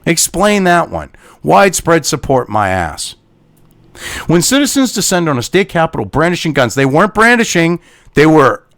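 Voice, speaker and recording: A man's voice: on the high side, fairly bright tone, no echo, clean studio sound. A man hosting a political commentary show, reading an article aloud and ranting at it with profane, sarcastic insults. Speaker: commentary host. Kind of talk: angry political rant reacting to an article.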